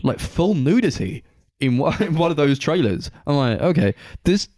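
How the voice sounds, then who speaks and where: A man's voice: on the high side, normal speed, no echo, clean studio sound. A man co-hosting a film podcast, telling stories with lots of laughter and swearing. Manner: laughing, sweary, animated storytelling. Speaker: podcast co-host. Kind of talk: casual film chat.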